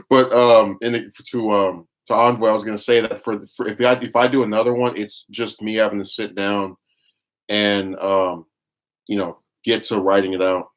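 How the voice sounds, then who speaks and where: A man's voice: on the low side, level tone, normal speed. A man giving blunt, scornful live-stream commentary, reading viewer chat and rambling with frequent restarts. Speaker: livestream commentator.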